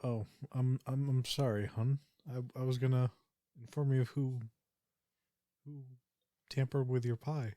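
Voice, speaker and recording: A man's voice: medium pitch, steady tone, unhurried, long pauses, dark tone, no room sound, lightly acted. Cryptic older lady baker with a dry, close sound, a man in the role, drops warnings. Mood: secretive. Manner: cryptic, conspiratorial. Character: older woman baker, secretive sleuth. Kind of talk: tabletop role-play.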